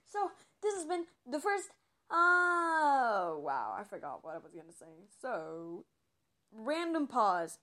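A teenage girl with a husky, deeper-than-usual voice, rambling dramatically and mocking herself in a casual vlog monologue. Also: huge pitch swings, a little slow. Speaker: vlogger.

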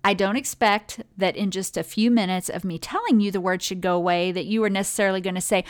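A woman's voice: medium pitch, fairly quick, few pauses. Conversational woman hosting a well-being talk. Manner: direct, conversational, addresses the listener. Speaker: podcast host and speaker on well-being. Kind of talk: motivational talk to listeners.

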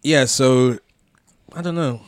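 A man telling a long personal story on a podcast, full of restarts and soft laughs. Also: mid-range voice, slow pace, no echo, clean studio sound. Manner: rambling, many restarts, laughs between phrases. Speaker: podcast co-host. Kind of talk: casual storytelling chat.

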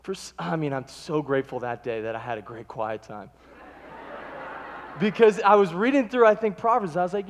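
High-voiced man preaching in a reverberant hall. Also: moderate pace, slight background noise. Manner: animated storytelling, acting out quotes. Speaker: pastor. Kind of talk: sermon. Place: church sanctuary.

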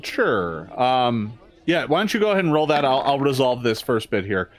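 A man's voice: medium pitch, sing-song, normal speed. A man narrating as game master in a tabletop game, rambling with many fillers and restarts.

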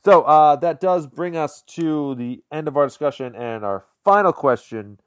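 A man co-hosting a casual film podcast, agreeable and relaxed, steering toward the closing question. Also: on the high side, moderate pace, smooth. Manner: relaxed, agreeable, wraps up segments. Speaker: podcast co-host.

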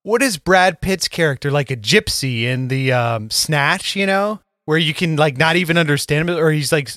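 A man's voice: a little high, normal speed, bright, forceful tone, no echo, clean studio sound. A man co-hosting a podcast in casual chat, laid-back, swearing and filling with "like" and "um". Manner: laid-back, swearing, laughing, lots of fillers. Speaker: podcast co-host.

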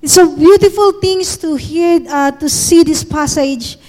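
A woman delivers a sermon with a strikingly high voice and a slow, deliberate pace. She preaches earnestly and with emphasis that builds in force. Her voice rings with the long reverb of a large church hall. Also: dark tone.

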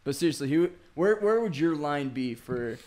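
A man's voice: on the high side, expressive, moderate pace, darkish tone. A man co-hosting a casual chat among friends, joking and laughing into his lines.

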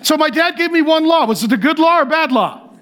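A man preaches with a very high voice and tells stories with lots of animation. He laughs often while he talks. He delivers the sermon with a humorous touch. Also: animated, brisk, a bit bright. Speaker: pastor.

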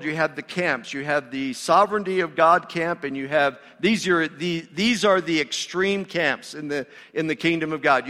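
A man's voice: high-pitched, pushed and bright. A male pastor delivering a sermon in a conversational, emphatic way, in a church sanctuary. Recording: long reverb of a large hall.

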